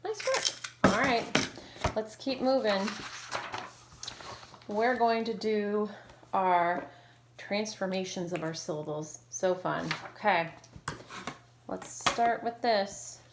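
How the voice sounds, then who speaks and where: A woman teacher leading an online phonics lesson, modeling sounds clearly and slowly and praising her students. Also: medium pitch. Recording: echoey room with faint noise.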